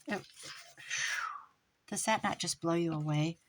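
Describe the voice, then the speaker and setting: A middle-aged American woman telling a long story in casual chat, rambling and animated, with restarts and quoted dialogue. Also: on the low side, unhurried, noisy background. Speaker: crafting vlogger.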